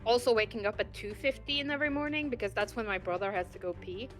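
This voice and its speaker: A woman's voice: medium pitch, fast, faint music behind. A woman telling a story in casual chat, full of filler words. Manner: chatty, many filler "like"s. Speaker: tabletop game player.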